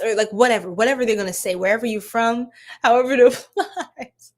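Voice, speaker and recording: Woman, tarot reader, livestream chat, laughs a lot, lively pitch, fairly high voice. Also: moderate pace. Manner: laughs often, chatty, talks to viewers in the chat. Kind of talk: casual livestream tarot reading.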